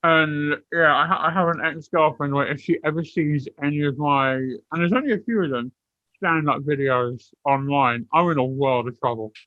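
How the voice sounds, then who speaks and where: A man's voice: fairly high pitch, moderate pace, no room sound. A man who is a stand-up comedian, chatting in a casual, self-deprecating, joking way over a video call. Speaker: stand-up comedian on a panel show. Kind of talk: casual comic chat. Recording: dull, muffled video call audio.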